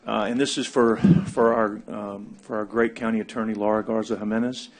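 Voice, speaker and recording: A man speaking as a county commissioner at a public meeting, halting with many fillers as he makes a motion. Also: fairly low pitch, little pitch movement. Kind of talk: formal meeting remarks. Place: government meeting.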